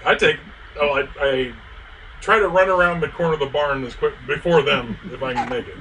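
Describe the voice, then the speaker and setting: A man's voice: a little high, a little fast, bright, forceful tone, low-quality recording. A man playing a tabletop game, chatting eagerly about his moves and rolls. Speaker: player. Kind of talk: casual tabletop game play. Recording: background noise.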